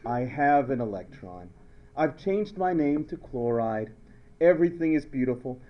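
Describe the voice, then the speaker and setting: A teacher voicing a contented chloride ion, slow and satisfied. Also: male voice, mid-range voice, expressive, lo-fi sound, voice pushed down, close to an everyday voice.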